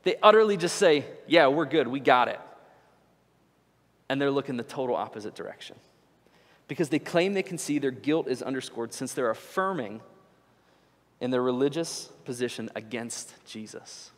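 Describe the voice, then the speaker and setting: A young man preaching a sermon in a church, conversational and animated as he tells stories. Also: mid-range voice, normal speed, big-room sound. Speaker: pastor. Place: church sanctuary.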